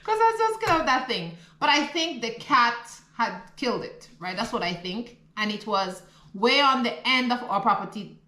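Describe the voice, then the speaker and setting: A woman's voice: on the high side, big pitch swings, normal speed, sharp tone, reverberant, poor audio. A middle-aged woman from the Caribbean with a Caribbean accent, chatting animatedly in a casual vlog and laughing often. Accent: Caribbean English. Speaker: vlogger. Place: rural home in the countryside.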